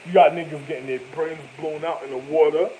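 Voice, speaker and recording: A man's voice: a little high, steady tone, a little fast, mellow, slight background noise, poor audio. A man in a rambling, profane monologue that jumps from topic to topic.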